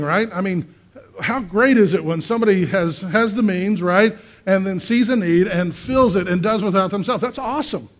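A male pastor preaching a conversational sermon, asking the congregation questions and swinging between quiet and loud. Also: high voice. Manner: acts out voices in quotes, swings from quiet to loud.

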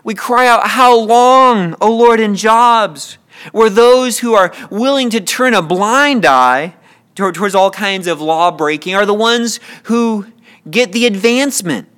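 A man's voice: sits high, expressive, a little slow, a bit bright, clear, resonant tone. A man preaching a sermon with passion, often repeating words as he builds a point.

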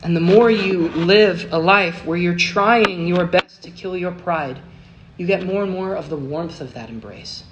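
A man preaching a sermon, telling a story with big swings between hushed and emphatic delivery. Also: high voice, a little slow, lo-fi sound. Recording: noisy recording with clicks.

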